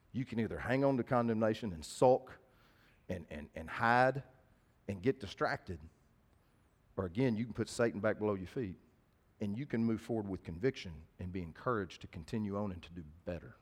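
A man's voice: lowish voice, animated, moderate pace. Middle-aged man, folksy pastor addressing his flock in a sermon. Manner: folksy, talks to congregation directly. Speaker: preacher.

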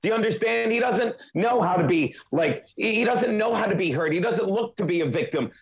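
A man's voice: high voice, lively intonation, fairly quick, vocal fry. A man hosting a podcast, ranting emphatically and with lots of profanity in casual chat. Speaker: podcast host.

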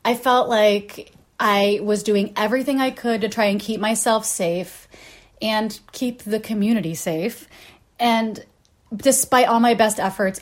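A woman in her late thirties hosting a podcast, telling a story candidly with frequent laughs. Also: medium pitch. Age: 30s. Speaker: podcast host. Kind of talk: casual podcast chat.

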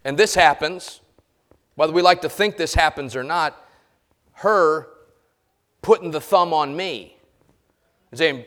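A middle-aged man preaching a sermon in a church, swinging from quiet talk to loud emphasis and acting out voices. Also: a little high, expressive, normal speed. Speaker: pastor. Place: church sanctuary.

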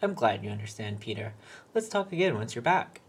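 A man's voice: mid-range voice, very animated, brisk, slightly rough. A man voicing a male factory floor manager who coaxes and soothes. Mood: coaxing. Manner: soothing, coaxing.

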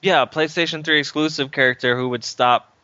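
A man's voice: fairly high pitch, steady tone, fairly quick, bright, forceful tone, dry recording. A man co-hosting a casual podcast, crude and sarcastic with heavy swearing. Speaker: podcast co-host. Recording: dry, dull lo-fi audio.

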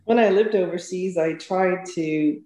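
A middle-aged woman from Texas telling stories in an unhurried, reflective way during a casual chat. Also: on the low side, warm tone, reverberant, low-quality recording.

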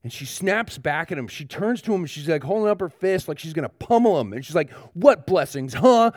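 A man's voice: on the high side, lively intonation, fast, dry recording, clean studio sound. A male pastor giving a children's sermon, asking the kids questions and talking to them directly.

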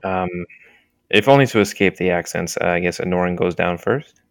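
A man's voice: deep voice, moderate pace, vocal fry, clean tone, dry recording. A man playing a tabletop game who narrates his character's reactions in a wry way. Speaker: player.

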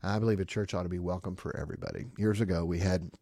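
Very fast and deep, with vocal fry and a slightly rough edge, this pastor's podcast monologue is emphatic and full of "okay?" check-ins. He acts out quotes in lively voices, and the studio sound is clean, with no echo.

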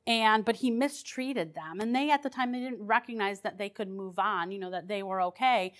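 A woman's voice: mid-range voice, normal speed, fairly bright tone. A woman paranormal investigator telling her stories in a chatty, rambling way, with restarts and fillers. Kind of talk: casual storytelling.

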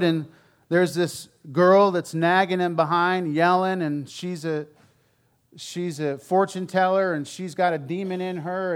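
A man delivers a sermon in a slightly raised voice. He talks like he is chatting, full of frank, honest asides. He swings from loud, pressing emphasis to quiet, low remarks. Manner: candid, conversational storytelling with frank asides. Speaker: preacher.

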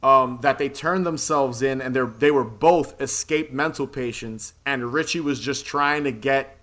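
A man's voice: mid-range voice, measured pace, fairly bright tone. A man casually recapping a movie plot in a podcast chat, rambling, swearing freely and laughing often. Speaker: podcast co-host.

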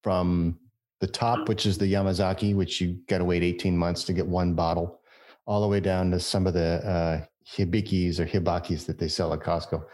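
A man's voice: low voice, level tone, moderate pace, darkish tone. A man co-hosting a casual podcast, trading easygoing, opinionated banter. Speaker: podcast co-host. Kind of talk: casual chat.

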